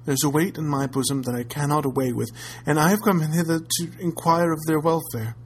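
A man reading a story aloud and voicing a pale, troubled young lady who pleads in a raised, higher voice. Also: steady tone, brisk, slight background noise, close to an everyday voice. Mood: pleading. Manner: pleading, raised and higher than his narration.

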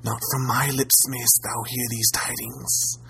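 A man reading a story aloud and voicing a withered ancient crone in a hushed, slow, ominous whisper. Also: medium pitch, little pitch movement, gravelly, a little hiss or hum. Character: withered ancient witch-like crone, sly and sinister.

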